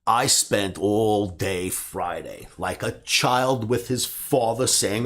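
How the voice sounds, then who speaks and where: A middle-aged man from the New York area telling a personal story, animated and acting out the dialogue. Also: on the low side, slow, hardly any pauses. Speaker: trading educator and host.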